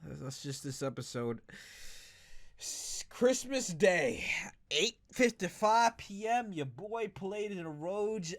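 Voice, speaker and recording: A man's voice: high-pitched, animated, slow pace, no room sound. A drunk man doing casual let's play commentary, giggly, swearing and rambling. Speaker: game commentator.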